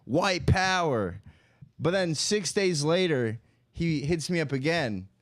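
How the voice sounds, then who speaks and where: A young man spins a comedic story on a podcast, rambling and amused, tripping over his own sentences. His voice sits a little high for a man, and the recording is dry and close-miked. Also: lively intonation, a little slow, no room sound. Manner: rambling, amused, self-interrupting. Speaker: podcast co-host.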